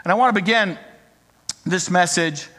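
A man's voice: high voice, normal speed, pushed and bright. A man in his sixties preaching a sermon as pastor, talking conversationally and joking with the congregation. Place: church. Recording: reverberant church hall.

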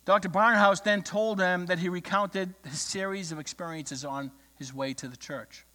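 A male pastor preaching a sermon, telling a story with passion and swinging from loud declarations to hushed words. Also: sits high, moderate pace, in a large hall.

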